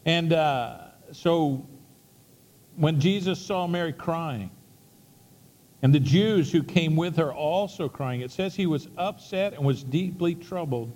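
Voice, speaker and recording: A man's voice: a little high, slow pace, darkish tone, in a large hall. A man preaching a sermon, retelling a story in a conversational way with many repeats and restarts.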